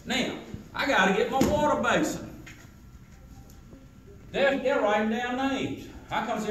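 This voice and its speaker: A man giving a sales training talk to a live audience, quizzing the crowd and acting out sales pitches. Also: animated, moderate pace, long pauses, recorded from a distance. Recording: roomy hall echo with faint noise.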